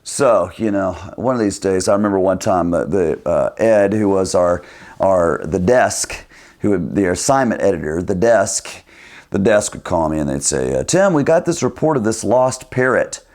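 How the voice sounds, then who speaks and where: A man's voice: sits low, moderate pace, darkish tone. A man, a former TV news cameraman, telling a story casually and chattily, often laughing and saying "you know".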